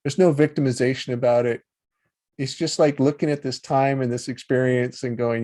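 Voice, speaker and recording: A man teaching about healing in a relaxed, conversational way, acting out inner voices with changing tones and checking in with the listener. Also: medium pitch, moderate pace. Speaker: meditation teacher. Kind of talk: talk on healing.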